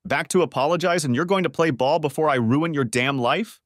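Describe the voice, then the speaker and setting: A man's voice: a little high, brisk, fairly bright tone, no echo, studio quality, pitched above the performer's own voice, lightly acted. A man voicing an arrogant, bullying middle-aged male lawyer in a sneering, menacing manner for an audiobook story. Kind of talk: audiobook character voice.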